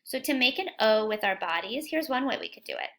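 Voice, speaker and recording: A young woman teaches a children's phonics lesson in a bright, forward voice that sits a little high. She is cheerful and encouraging, asks the child questions and sounds out each letter slowly and clearly. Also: sing-song.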